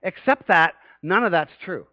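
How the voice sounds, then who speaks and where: A man preaching a sermon to a congregation in an animated way, often rising louder and higher in pitch to stress a point. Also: moderate pace, dry recording. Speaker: pastor.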